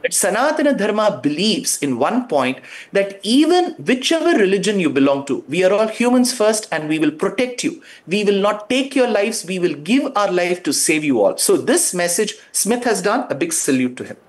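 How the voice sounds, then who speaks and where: A man's voice: sits high, big pitch swings, moderate pace, few pauses. A man, a guest giving fervent, emphatic commentary on a talk show.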